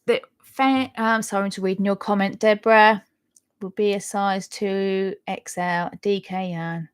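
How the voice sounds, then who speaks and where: A woman's voice: mid-range voice, steady tone, unhurried, clean tone. Woman, Norfolk accent, thirties, casual live-stream chat, self-deprecating, laughs a lot. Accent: Norfolk English. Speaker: crochet channel host.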